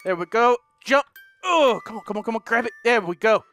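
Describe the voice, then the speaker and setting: A young man giving frantic let's play commentary, yelling, swearing and laughing at the game as he plays. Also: very high-pitched, lively intonation, a little fast, faint music behind. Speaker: gaming YouTuber.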